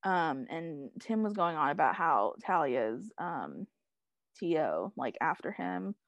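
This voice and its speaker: Brief: young woman co-host, rambly recap voice, lower pitch, dry close sound. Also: big pitch swings, takes it slowly, gravelly, no echo. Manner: rambling, heavy use of "like" and "um", laughs often. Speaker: podcast co-host recapping a TV episode. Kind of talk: casual chat.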